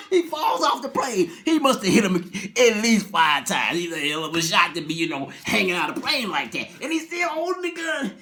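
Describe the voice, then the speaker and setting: A man casually retelling a TV episode, animated, acting out scenes and laughing. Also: high-pitched, moderate pace, hardly any pauses, background noise.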